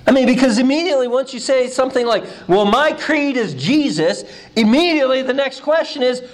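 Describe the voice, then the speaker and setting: Male pastor with a high voice; animated, emphatic sermon delivery with restarts. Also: brisk. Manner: animated preaching, pitch swings from low and quiet to high and emphatic; repeats words when starting phrases.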